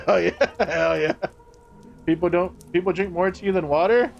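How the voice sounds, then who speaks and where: This streamer's voice sits high and gravelly, a little slow, with dull audio from his streaming mic. Playing a game live, he jokes with chat, cursing and laughing casually.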